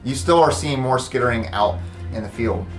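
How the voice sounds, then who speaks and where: A man running a tabletop zombie game as game master, narrating with an animated delivery. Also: moderate pace, reverberant, soft background music, low-quality recording. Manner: animated, acts out panicked characters in high voices.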